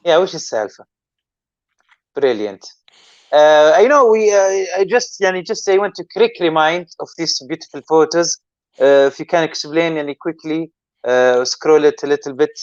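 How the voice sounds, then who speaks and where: A Saudi man hosting a casual chat, talking quickly and switching between English and Arabic. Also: on the high side, animated, dry recording, muffled recording. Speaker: host.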